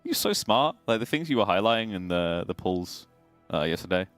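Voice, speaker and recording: A man's voice: sits low, sing-song, normal speed, a bit bright, faint music behind. A man casting on an esports live stream, chatting casually in a jokey, rambling way. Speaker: esports caster.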